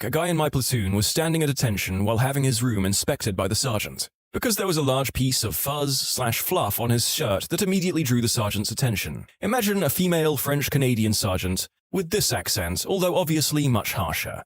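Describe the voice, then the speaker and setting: A man narrating online stories in a wry, animated storytelling manner. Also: mid-range voice, brisk, few pauses, dry recording, studio quality.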